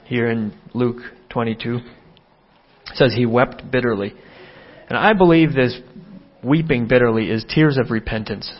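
A man preaching an earnest sermon, voicing quoted dialogue with a lifted, more urgent tone. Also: highs cut off. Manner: earnest, acts out quoted dialogue with rising pitch.

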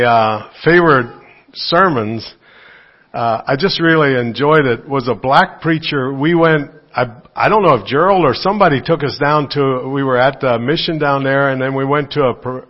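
Guy preaching at church, chatty and rambly, voice jumps up on the bible quotes, muffled recording. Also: normal speed. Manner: conversational, rambling, many fillers and restarts; lively pitch swings when quoting scripture. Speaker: lay preacher. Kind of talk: sermon.

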